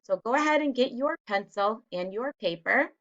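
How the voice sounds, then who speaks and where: A woman teacher walking young children through a writing lesson in a slow, deliberate, encouraging way. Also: fairly high pitch, animated, a bit bright. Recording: dull, lo-fi home recording.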